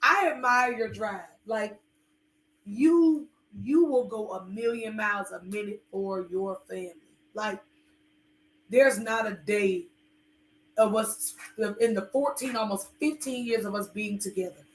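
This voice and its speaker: A woman's voice: medium pitch, a little slow, reverberant, a little hiss or hum. A woman co-hosting a podcast, chatting candidly with her husband and rambling with many fillers. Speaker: podcast co-host. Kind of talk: casual chat with her husband.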